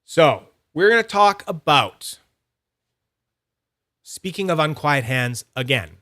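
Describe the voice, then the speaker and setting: A man hosting a fidget toy channel, chatting casually and excitably, rambling, teasing himself and greeting viewers by name. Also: sits high, no room sound, studio quality. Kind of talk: casual rambling livestream-style review.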